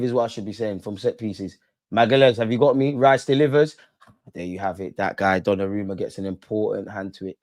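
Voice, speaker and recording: A man's voice: mid-range voice, darkish tone. A man hosting a live football watch-along, talking emotionally at the players and referee on screen in casual, slangy speech with some swearing. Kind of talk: live match reaction.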